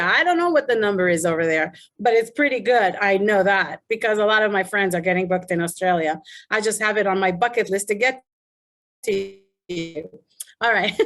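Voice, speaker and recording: Woman, high voice, middle-aged, animated storytelling, online speaking coach. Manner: animated storytelling, rhetorical questions. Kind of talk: online presentation.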